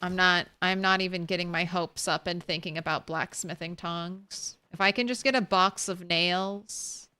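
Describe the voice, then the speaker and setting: A woman's voice: fairly low pitch, steady tone, normal speed, few pauses, sharp tone, clear, resonant tone. A woman streamer chatting casually while she plays, thinking aloud and laughing easily. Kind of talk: casual gameplay commentary.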